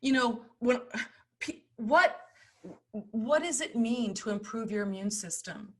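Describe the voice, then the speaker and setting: A middle-aged woman giving an impassioned motivational talk, swinging between loud urging and hushed storytelling. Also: a little high, expressive, slow pace. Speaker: summit speaker.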